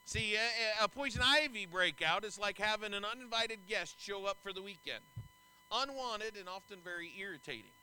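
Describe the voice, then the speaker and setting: A man's voice: high-pitched, normal speed, pushed and bright, smooth, rough recording. A middle-aged man preaching a sermon as pastor, telling folksy, anecdotal stories to his congregation.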